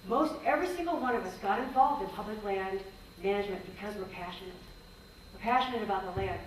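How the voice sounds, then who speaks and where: A woman's voice: medium pitch, fast talker. A woman, a former range conservationist, giving an earnest conference talk and answering questions, often restarting her sentences. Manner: earnest, frank, with many restarts. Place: conference hall. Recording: echoey hall, distant mic, faint noise.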